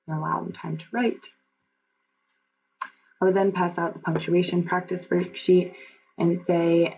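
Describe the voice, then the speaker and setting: A woman with a lowish, gravelly voice reads through a classroom lesson plan. She speaks haltingly, with fillers and frequent self-corrections. The recording is dull and lo-fi, with a faint hum underneath. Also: a little mellow. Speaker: student teacher presenting a lesson plan. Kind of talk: reading a lesson plan aloud.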